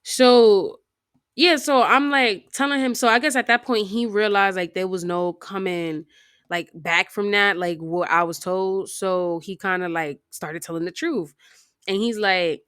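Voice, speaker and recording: A woman telling a story casually over gameplay, retelling it in an animated, slangy way with constant fillers. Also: medium pitch, a little slow, smooth, dry recording, clean studio sound. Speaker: storytime vlogger.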